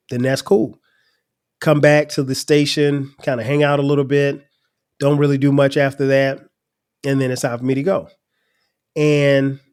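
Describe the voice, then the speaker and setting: A man's voice: mid-range voice, darkish tone. A middle-aged man hosting a podcast, telling a personal story in a casual, conversational way with frequent laughter. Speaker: podcast host.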